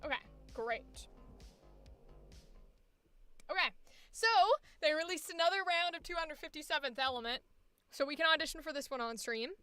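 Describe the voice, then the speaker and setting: Bright, high-pitched chatty woman streamer. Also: no room sound. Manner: chatty, swears freely, quick laughs. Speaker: voice actor streaming a coaching session. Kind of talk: casual live-stream chat. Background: faint background music.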